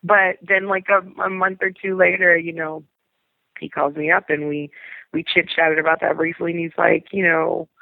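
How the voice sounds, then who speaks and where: Gravelly New woman over a phone line. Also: fairly low pitch, flat delivery, moderate pace, dry recording. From New Orleans, USA. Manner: rambling and searching for words, with many trailing restarts. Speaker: actor. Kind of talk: interview storytelling. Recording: tinny dry phone-line sound.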